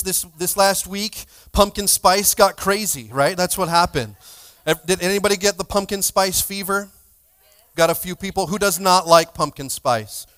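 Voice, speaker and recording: A man's voice: high voice, clear, resonant tone. A man, the lead pastor, joking playfully with his congregation while opening a church service. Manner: playful, jokey, energetic crowd banter.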